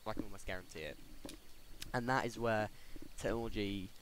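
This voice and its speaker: A man's voice: fairly low pitch, brisk. Rambling young man podcasting. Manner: rambling, many fillers and restarts. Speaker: podcast host. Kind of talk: casual solo podcast chat. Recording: faint background noise.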